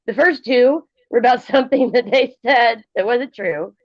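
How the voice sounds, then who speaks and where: A woman's voice: fairly high pitch, normal speed, no room sound. Blunt woman on dull lo-fi stream audio. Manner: blunt, opinionated, talks at length. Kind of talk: casual livestream chat.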